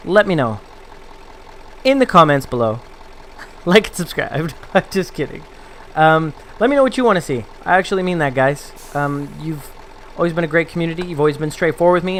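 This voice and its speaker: Young man, casual vlog talk, slightly high voice, rambling with ums, desk condenser mic, faint engine hum. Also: lively intonation, fairly quick. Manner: rambling, with fillers and laughs. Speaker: video creator. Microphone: desk condenser mic on a boom with pop filter.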